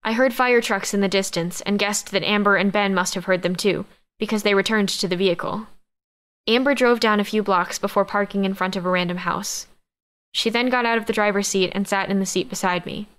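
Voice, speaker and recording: A woman reads first-person narration in a mid-range voice. Her delivery stays even and measured throughout. It sounds like a scripted audiobook narration. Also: mid-range voice.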